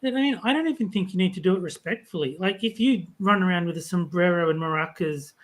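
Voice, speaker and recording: A podcast co-host with a mid-pitched voice talks casually, telling a story with dry, sardonic humor. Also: fast talker. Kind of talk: casual chat.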